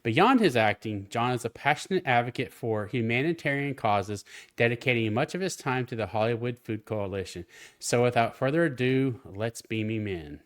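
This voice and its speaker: A man hosting an interview over a video call, eager and friendly, often halting and restarting his sentences. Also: medium pitch, lively intonation, a bit bright. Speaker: podcast host. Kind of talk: casual interview chat.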